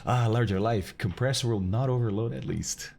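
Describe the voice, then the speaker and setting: A man's voice: mid-range voice, moderate pace, vocal fry. A middle-aged man from Brazil hosting a live stream, greeting chat members one by one in a casual way. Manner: greets chat members one by one, hushed at times to keep quiet. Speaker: streamer host.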